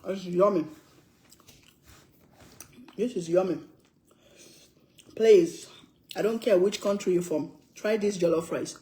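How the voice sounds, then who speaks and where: Middle-aged woman host, cooking stream from the home kitchen, chatty and teasing, quick laughs. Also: fairly low pitch, dark tone. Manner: chatty, playful, laughs often. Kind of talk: casual livestream cooking chat.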